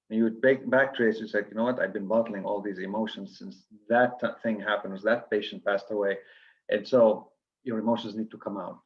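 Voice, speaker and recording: A man's voice: fairly low pitch, dull audio. A man giving an earnest coaching lecture to physicians, listing steps with frequent restarts.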